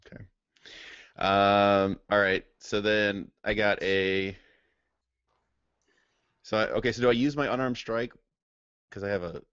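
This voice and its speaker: Hesitant man at a gaming table, low gravelly voice, dry dull lo-fi mic. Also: fairly even intonation, measured pace, long pauses, fairly bright tone, dry recording. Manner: hesitant, lots of ums. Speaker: player. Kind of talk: casual tabletop game chat.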